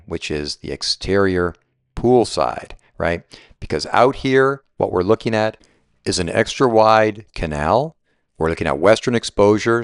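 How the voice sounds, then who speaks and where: A man's voice: low-pitched, no echo, clean studio sound. A real estate agent walking through a house and out to the pool, chatting enthusiastically about every feature and laughing at his own fumbles. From Southwest Florida resident. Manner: enthusiastic, chatty, self-deprecating, keeps saying right. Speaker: real estate agent giving a home tour. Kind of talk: walking home tour vlog.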